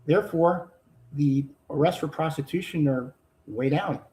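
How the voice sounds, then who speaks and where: A man, a judge, speaking as an interview guest in an earnest, halting way, with many fillers and restarts that build in intensity. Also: on the high side, a little mellow, low-quality recording. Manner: earnest, halting with fillers and repeats, rising intensity when quoting. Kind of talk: conversational interview.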